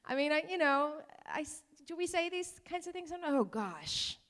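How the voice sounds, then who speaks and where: A woman's voice: very high voice, fairly even intonation, measured pace, fairly bright tone. Woman presenter at a parent workshop, chatty and self-deprecating, voice carried on a long hall echo. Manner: conversational, with ums and self-deprecating asides. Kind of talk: informal talk to parents.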